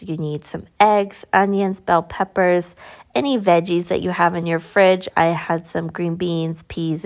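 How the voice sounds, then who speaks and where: A woman with a Southern American country accent, casually talking viewers through a recipe in a voice-over. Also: on the low side. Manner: relaxed, friendly, a bit self-deprecating. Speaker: cooking vlogger.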